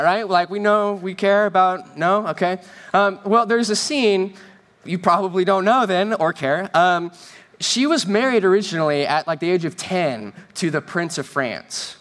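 Pastor, man, relaxed sermon with jokes, slightly high voice. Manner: conversational, joking asides, acts out quoted voices. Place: church stage.

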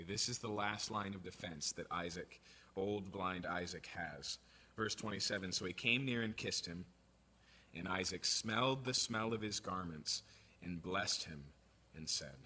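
A preacher with a low, husky voice gives an expository sermon. He reads scripture aloud and explains it in a conversational, animated way.

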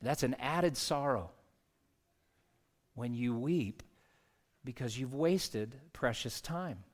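A man's voice: mid-range voice, takes it slowly. A man, a pastor, preaching a sermon in an earnest, conversational storytelling way.

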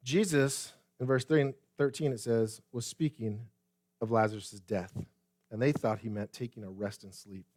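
A man's voice: mid-range voice, steady tone, a little slow, darkish tone, no room sound, clean studio sound. A man preaching a sermon as pastor, speaking straight to the congregation with rhetorical questions and repeated phrases. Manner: addresses the congregation directly.

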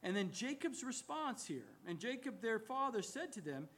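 A man preaching a sermon in an animated, emphatic way, often stopping to correct himself. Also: extremely high pitch, normal speed, few pauses. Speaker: pastor.

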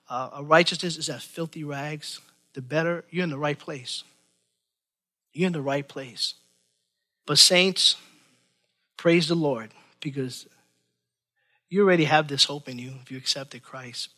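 A male preacher with a high, bright voice delivers a sermon. He preaches with passion, repeating phrases and moving between raised cries and soft, low passages. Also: a little slow, long pauses. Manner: impassioned, repeats phrases, swings between loud and hushed.

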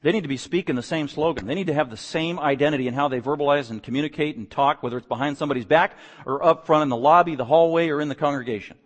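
A man preaching a sermon, his somewhat high voice swinging from calm teaching to loud, emphatic bursts. His words ring out with a long reverb, as in a big church sanctuary. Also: racing, few pauses. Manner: preaching, rises to emphatic shouting on key words. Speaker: pastor. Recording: long reverb from a large hall.

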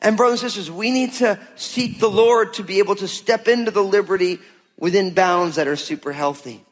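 A man's voice: high voice, a little fast. A man preaching a sermon to his church in a conversational, emphatic way, often acting out quoted voices. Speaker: pastor. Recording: long hall reverb.

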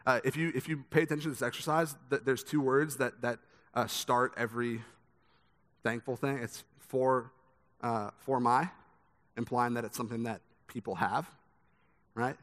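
A man's voice: mid-range voice, fairly even intonation, normal speed, a bit bright. A young man preaching a sermon, speaking conversationally with a lot of repeated words as he tells stories. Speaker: pastor. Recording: long hall reverb.

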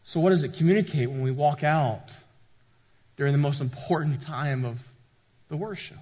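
A male pastor with a drawl preaches to his congregation, leaning on repetition and building emphasis. His slightly high voice rings out through a church hall with a long reverb. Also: normal speed, a little mellow. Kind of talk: sermon.

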